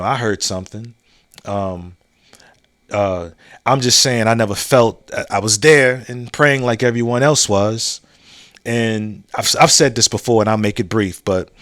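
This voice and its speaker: A man hosts his own podcast and talks through a personal story in a loose, rambling way, repeating himself and leaning on fillers as he goes. His voice sits at an ordinary middle pitch. The sound is close and dry, with no room echo. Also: a bit bright. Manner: loose, conversational, with many fillers and restarts; chuckles while telling a funny memory. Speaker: podcast host. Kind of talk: casual storytelling monologue.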